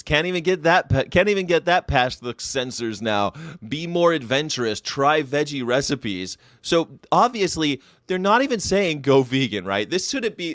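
A man hosting a casual livestream commentary, animated and swearing, with sudden loud outbursts. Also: mid-range voice, no room sound, clean studio sound. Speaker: host.

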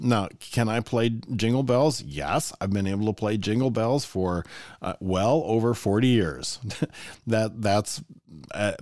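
Lively, enthusiastic man. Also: medium pitch, no room sound, clean studio sound. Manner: enthusiastic, asks the listener rhetorical questions. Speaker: music teacher and podcast host. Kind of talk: solo podcast monologue.

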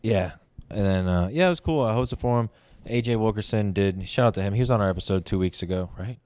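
A man's voice: on the low side, fast talker, darkish tone. A young man in his twenties, a stand-up comedian co-hosting a podcast, bantering crudely and often dropping close to a whisper into the mic. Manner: drops to a near whisper into the mic. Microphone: close studio mic.

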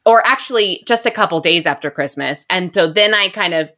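A woman's voice: on the low side, lively intonation, a little fast, bright, forceful tone. A woman in her thirties on a podcast, telling a dating story in casual chat and laughing often. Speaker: podcast co-host.

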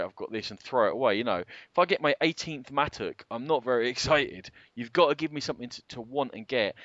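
A man's voice: mid-range voice, fairly bright tone, no echo. A man co-hosting a podcast about games, talking casually at length and with emphasis. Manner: talkative, rambling, emphatic. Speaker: co-host. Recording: dull lo-fi podcast audio.

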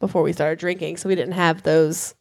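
A woman's voice: on the low side, fairly even intonation, fairly quick, vocal fry, a little mellow, no echo. A young woman co-hosting a podcast, chatting directly and with many restarts. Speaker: podcast co-host. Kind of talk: casual chat.

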